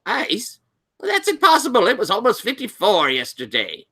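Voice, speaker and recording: A game master voicing an excitable older male librarian who is fascinated by the occult. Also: mid-range voice, normal speed, voice pushed up, heavily acted. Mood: intrigued. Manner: fluttery, breathless with fascination.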